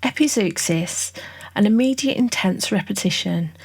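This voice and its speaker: A woman reads a scripted lesson in a mid-range voice, neither high nor low. She steps through each term in a clear, measured way, as if working down a list. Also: animated, a little mellow, no room sound. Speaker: songwriting tutorial narrator. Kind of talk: scripted educational narration.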